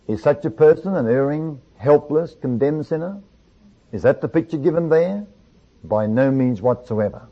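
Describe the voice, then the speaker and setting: A man delivers a sermon in an earnest, emphatic way. His voice sits a little high, and he reads passages aloud and puts rhetorical questions to his listeners. The recording sounds dull and lo-fi. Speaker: preacher. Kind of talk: sermon reading from books.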